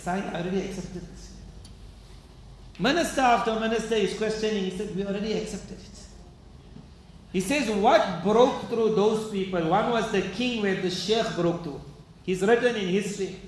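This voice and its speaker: High-voiced preacher in an echoey mosque. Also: male voice, moderate pace, long pauses, a little hiss or hum. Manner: earnest, dramatic retelling with quoted dialogue. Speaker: imam preacher. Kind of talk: sermon storytelling. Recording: echoey mosque hall, faint ambience.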